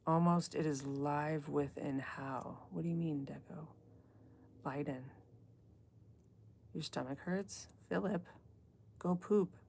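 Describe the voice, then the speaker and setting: Low gravelly woman chatting live. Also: slow pace, long pauses, darkish tone, a little hiss or hum. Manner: chatty, talks straight to chat viewers, drifts between topics. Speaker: livestream book club host. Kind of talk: casual live chat reading comments.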